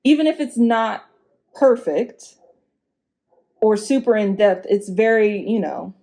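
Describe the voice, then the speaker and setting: A woman giving casual, opinionated commentary as a vlogger, frank and chatty, laughing and swearing as she goes. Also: slow. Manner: lively pitch swings for emphasis.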